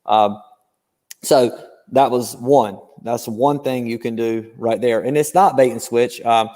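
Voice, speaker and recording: A man's voice: medium pitch, slow. Man explaining with a long room reverb. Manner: animated storyteller, explains with examples. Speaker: guest car-dealership trainer. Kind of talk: casual podcast chat.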